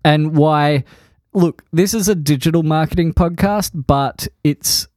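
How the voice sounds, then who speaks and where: A man co-hosting a podcast, chatting casually and joking with quick asides. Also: on the high side, a little mellow, no echo, clean studio sound. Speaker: podcast co-host.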